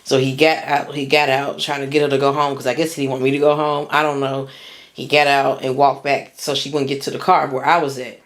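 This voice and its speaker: A woman's voice: a bass voice, flat delivery, brisk. A young woman telling a personal story in a casual, rambling way, with lots of restarts and slang.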